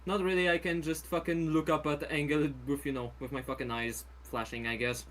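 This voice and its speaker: Male player, relaxed and profane, slightly higher voice. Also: a little fast, a little hiss or hum, poor audio. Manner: casual, swears freely. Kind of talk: casual tabletop game chat.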